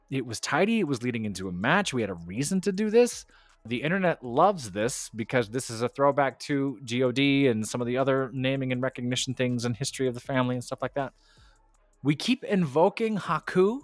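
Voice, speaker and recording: A man's voice: medium pitch, dry recording. Man, podcast co-host, casual opinionated chat, dry close sound, faint music behind. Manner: opinionated, animated, laughs often.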